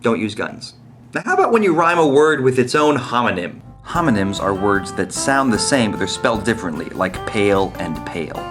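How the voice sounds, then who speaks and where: A man's voice: lowish voice, very animated, brisk, fairly bright tone, soft background music. A man giving a comedic video lesson on lyric writing, explaining rules with wry jokes in between. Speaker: online lyric-writing teacher.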